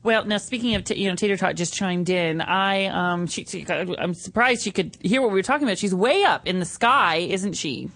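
A man's voice: sits high, normal speed, few pauses, fairly bright tone. A young man hosting a podcast, playful and gushing. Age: young adult. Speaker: host. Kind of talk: casual podcast chat. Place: studio.

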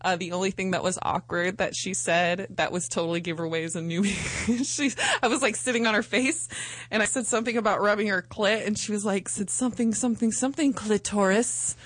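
A woman's voice: medium pitch, fairly quick. A woman co-hosting a podcast, telling crude stories in casual chat and laughing often. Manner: crude, giggly storytelling. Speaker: podcast co-host.

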